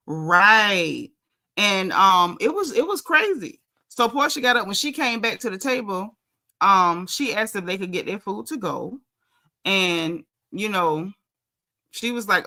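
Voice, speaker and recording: A woman's voice: mid-range voice, expressive, unhurried, pushed and bright. A woman giving a casual, opinionated recap of a reality TV show, speaking bluntly with lots of slang.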